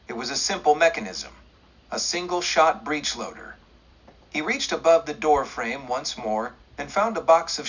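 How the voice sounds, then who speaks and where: A man reading a western audiobook aloud in a steady, measured storytelling way. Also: a little high, husky, highs cut off. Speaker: audiobook narrator.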